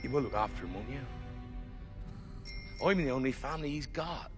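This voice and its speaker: An actor playing a huge, gruff and gentle male half-giant gamekeeper in a film, with a West Country accent and a rough voice that drags out its R sounds and vowels. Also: medium pitch, expressive, fairly quick, soft background music, close to an everyday voice. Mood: pleading. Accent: West Country English. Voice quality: gravelly, rough. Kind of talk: film dialogue.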